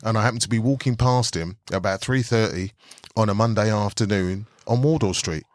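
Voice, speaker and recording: A man's voice: fairly low pitch, brisk, no echo, clean studio sound. A man chatting as a podcast guest, telling stories and acting out the voices of people he quotes. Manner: animated, acts out quoted voices. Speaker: actor guest. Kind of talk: casual chat, storytelling.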